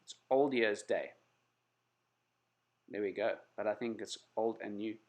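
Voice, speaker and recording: A man's voice: lowish voice, a little slow. A man with a cold hosting a casual livestream, chatting with viewers, greeting them by name and apologizing often over camera trouble. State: has a cold. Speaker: channel host on a livestream.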